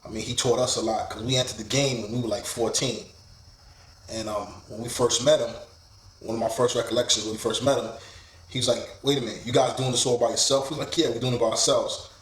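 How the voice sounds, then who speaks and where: A man in a documentary interview recalling his early years, soft and measured. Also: mid-range voice, steady tone, roomy sound, slight background noise, poor audio. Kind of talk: interview recollection.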